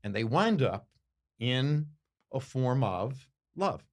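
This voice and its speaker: An older man, a boxing commentator, answering interview questions with slow, reflective storytelling and emphatic pauses. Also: medium pitch, big pitch swings.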